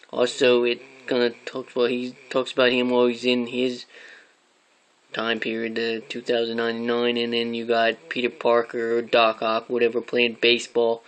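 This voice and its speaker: A man talks through his weekly comic picks in a loose, rambling way, dropping casual swear words as he goes. His pitch sits in a middling range and barely moves, which gives the delivery a flat, even sound. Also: clean tone, poor audio. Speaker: comic book reviewer. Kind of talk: casual review vlog.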